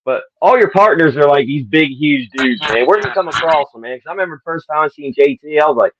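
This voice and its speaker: A man with a Southern US accent, interviewing in a relaxed, filler-heavy chat style. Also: fairly high pitch, fast talker, a crowd in the background. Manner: laid-back, lots of fillers, laughs often. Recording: dull lo-fi audio.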